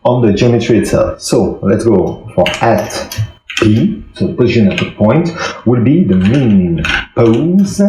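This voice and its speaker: A man with a French accent, a non-native speaker, walks through a software tutorial, hesitant and full of fillers, recorded on a phone microphone. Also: lively intonation, measured pace, slight background noise. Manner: hesitant, many fillers, talks through steps. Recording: echoey room, low-quality phone mic, soft music.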